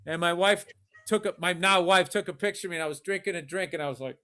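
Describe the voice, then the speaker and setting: A man co-hosting a podcast, telling animated, profane stories in casual chat. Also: sits high, fast, clean tone. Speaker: podcast co-host.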